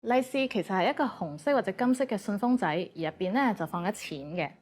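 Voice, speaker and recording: A woman giving scripted educational narration in a brisk, even tone. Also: medium pitch.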